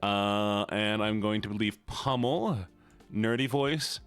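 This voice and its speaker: A man's voice: slow, fairly bright tone, smooth, faint music behind. A man live-streaming in a playful, teasing way, chatting with his viewers. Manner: playful, teasing, squeals high when mock-upset. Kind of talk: casual live-stream chat.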